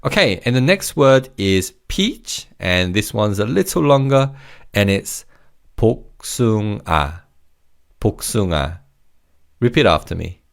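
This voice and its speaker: Male language tutor, lowish gravelly voice, upbeat and encouraging. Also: very animated. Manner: encouraging, repeats each word slowly for learners. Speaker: Korean language teacher. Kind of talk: scripted language lesson.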